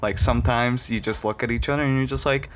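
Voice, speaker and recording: A young man hosting a podcast in casual chat, cursing freely, laughing often and jumping into high mocking voices. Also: steady tone, quick pace, slight background noise. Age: young adult. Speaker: podcast host.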